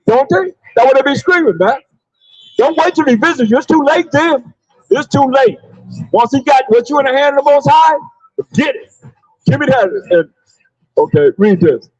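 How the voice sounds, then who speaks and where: A man preaching loudly outdoors on a city sidewalk, calling out verses for a reader to read. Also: very high voice, lively intonation, normal speed, long pauses, no echo, dull audio. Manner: loud, preachy, calls on a reader and repeats the verses. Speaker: street preacher. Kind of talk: open-air street preaching.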